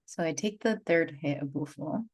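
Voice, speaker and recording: Low-voiced woman telling a rambling story. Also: normal speed, a little mellow, husky. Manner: rambling, heavy on "like", repeats phrases for emphasis; earnest, gushing. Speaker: spiritual guide and energy healer. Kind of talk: unscripted personal storytelling.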